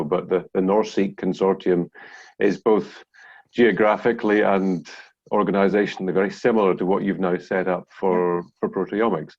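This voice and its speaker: Man, very deep voice, eager, lots of fillers and restarts, muffled video-call sound. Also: darkish tone. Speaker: sequencing researcher. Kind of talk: online meeting comment.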